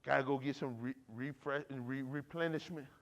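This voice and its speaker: A man preaching a sermon with fervent, drawn-out emphasis. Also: mid-range voice, fairly even intonation, a bit bright.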